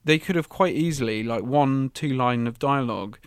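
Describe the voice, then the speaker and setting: A man's voice: mid-range voice, moderate pace, smooth, no echo. Young male co-host, clean resonant voice, opinionated casual chat, dry sound. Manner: opinionated, steers the discussion. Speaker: podcast co-host.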